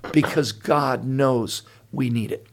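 A man's voice: medium pitch, takes it slowly. An older man hosting a podcast, talking earnestly and telling stories with lots of restarts. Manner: earnest and animated storyteller with frequent restarts. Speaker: pastor and podcast host. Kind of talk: casual podcast conversation.

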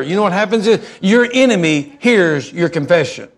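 A middle-aged man, preaching a sermon in a folksy, animated storytelling manner, alternating quick asides with slow emphasis. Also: high voice. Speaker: pastor.

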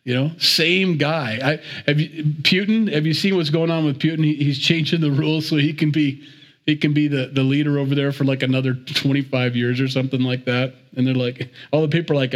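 A man's voice: on the high side, brisk, fairly bright tone. Chatty man teaching the Bible. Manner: chatty and digressive, with repeats and chuckles.

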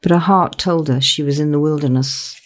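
A woman narrating her own novel in a measured, unhurried reading. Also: low voice. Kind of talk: audiobook narration.

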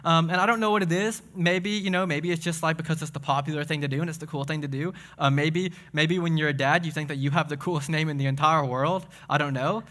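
Excitable young preacher, bright voice. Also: male voice, a little high. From Tennessee. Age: young adult. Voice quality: speech impediment. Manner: excitable, fast, self-deprecating. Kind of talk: casual sermon with jokes.

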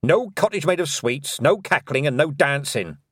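A man reading as a stern old witch who talks slowly and dryly, clipping every phrase short, her pitch roaming up and down. The storybook voice sits close and dry, with no room sound around it. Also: lively intonation, a bit bright, slightly rough, no room sound. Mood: snapping. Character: stern older witch, curt and commanding.

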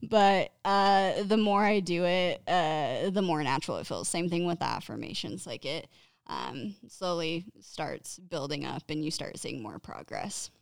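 A woman talks through self-care habits in a relaxed, candid way, cursing freely and laughing at her own awkwardness. Her voice sits on the low side and sounds smooth and clear. The sound is dry and close, with no room around it. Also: a little slow, no echo. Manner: chatty and self-deprecating. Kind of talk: casual advice talk.

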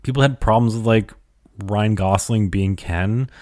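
A man's voice: on the low side, measured pace, darkish tone, dry recording, studio quality. A young man hosting a solo podcast late at night, rambling through listener questions in a chatty, profane, opinionated way. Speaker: podcast host.

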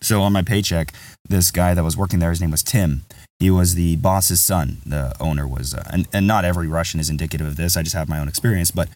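A man with a very low voice tells a long story on his podcast, loose and candid, often calling his friend "bro." He sits a bit away from the microphone, so the voice sounds slightly distant. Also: fast talker, a little mellow, no echo. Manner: rambling, candid, says "bro" a lot. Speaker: podcast host.

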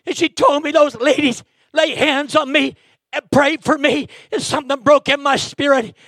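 A man preaching an impassioned sermon in a church, breaking into shouts and dropping "amen" between lines. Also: very high-pitched, steady tone, moderate pace, dry recording, studio quality. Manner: fervent, bursts into shouting, peppers lines with "amen". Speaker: guest preacher. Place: church sanctuary.

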